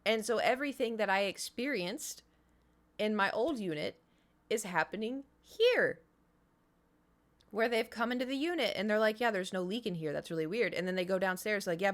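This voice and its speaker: A woman streamer tells rambling stories to her viewers. She acts out noises and drops into whispers for emphasis, and her voice sounds a little worn. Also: mid-range voice. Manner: chatty storytelling with sound effects and whispered swearing. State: voice slightly strained. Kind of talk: casual chat to a live stream audience.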